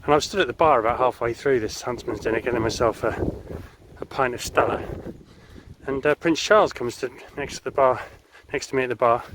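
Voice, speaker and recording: Guy telling a long deadpan joke outside, background noise all over. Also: mid-range voice, a little fast. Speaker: joke teller.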